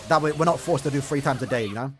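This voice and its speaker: A young man chatting casually on a live game stream, talking in quick bursts and laughing easily. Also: medium pitch, fairly bright tone, soft background music.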